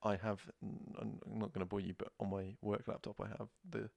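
Fast-talking gravelly man. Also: lowish voice, little pitch movement, darkish tone. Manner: chatty, upbeat sign-off patter. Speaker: podcast co-host. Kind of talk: casual chat.

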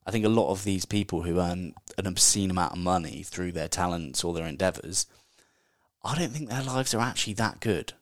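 A man's voice: deep voice, a little fast, no echo, studio quality. A man hosting a casual solo podcast, talking in a chatty, candid way and swearing offhandedly. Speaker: podcast host.

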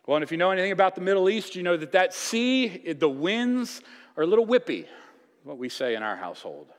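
A man preaching a sermon, telling the story in a lively, casual way and acting out voices. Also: high-pitched, a little fast. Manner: animated storytelling, acts out voices with casual asides. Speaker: pastor. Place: church sanctuary. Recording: long reverb of a church hall.

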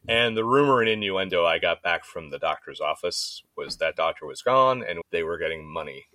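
A man's voice: deep voice, expressive, a little fast, few pauses, bright, forceful tone, dry recording. A man in his thirties chatting casually, telling candid stories with swearing and acting out what others said. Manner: candid, swearing storyteller who acts out quoted voices. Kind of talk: casual chat.

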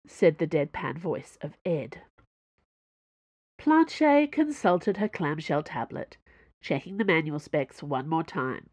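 A woman narrates her own serialized story as podcast host, her voice swinging widely in pitch as she reads. The sound is dry and close, with no room around it. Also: takes it slowly, no room sound. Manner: expressive, animated storytelling. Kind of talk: serialized fiction reading.

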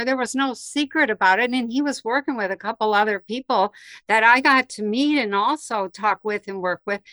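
A woman in conversation, politely but firmly correcting a detail in a measured way. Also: a little high, a bit bright, dry recording. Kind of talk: conversational interview.

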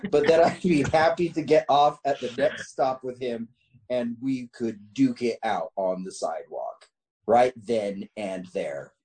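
A man's voice: mid-range voice, a little slow, a little mellow. A man hosting a casual talk show, reading a funny story aloud and often breaking into laughter. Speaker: host reading a listener story.

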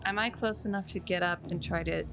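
A woman's voice: fairly low pitch, fairly even intonation, a little fast, vocal fry, music in the background. Playful giggly woman player. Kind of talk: tabletop game chat.

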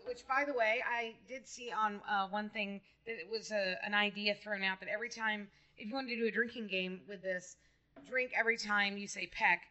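A woman co-hosting a casual movie podcast, talking in an animated way and laughing easily. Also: mid-range voice, normal speed. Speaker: podcast co-host.

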